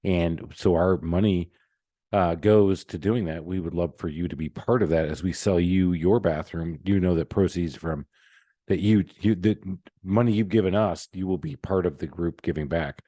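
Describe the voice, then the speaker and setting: A man hosting a podcast, chatting casually with jokes at his own expense in quick run-on bursts. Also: sits low, dark tone, dry recording, clean studio sound. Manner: joking, self-mocking, talks in quick run-on bursts. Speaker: podcast host.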